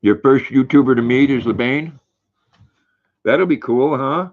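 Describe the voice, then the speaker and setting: A man's voice: mid-range voice, measured pace. Folksy older man reading live chat. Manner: relaxed, folksy, reads viewer names and messages. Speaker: livestream host. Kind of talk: casual livestream chat, reading comments aloud. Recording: dull lo-fi stream audio.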